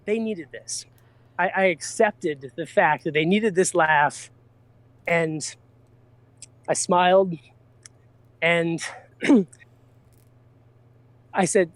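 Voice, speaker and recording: A man in casual chat, telling a long anecdote with lively acted-out quotes. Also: high voice, unhurried, pauses often, no echo. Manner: animated anecdote teller, acts out quotes.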